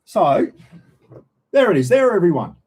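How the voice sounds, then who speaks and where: A middle-aged Australian man talks casually to his livestream audience in a fairly high voice. He rambles from one story to the next, full of slang, and keeps addressing his viewers as everyone. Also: very animated, a little slow, a little mellow, slightly rough. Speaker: livestream host.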